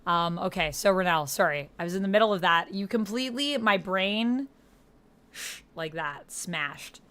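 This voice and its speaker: Woman, livestream streamer, casual chat, effusive, grateful, slightly low voice. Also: normal speed, clear, resonant tone. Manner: effusive, thanking viewers with excited outbursts.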